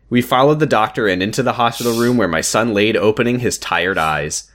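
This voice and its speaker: A man's voice: fairly low pitch, fairly quick, a bit bright. A man co-hosting a podcast, reading fan fiction aloud with mock drama, laughing often and swearing in the asides. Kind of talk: comedic read-aloud with banter.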